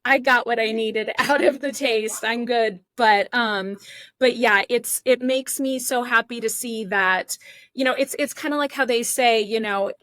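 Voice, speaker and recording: Reflective podcast host woman, slightly high voice. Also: unhurried, a bit bright, no room sound. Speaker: podcast host, former cooking show contestant. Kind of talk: casual interview chat.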